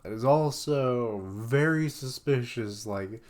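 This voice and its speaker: A man's voice: mid-range voice, slow, darkish tone. A man giving casual, rambling live reaction commentary, with many fillers and some swearing. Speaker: webcomic reaction streamer.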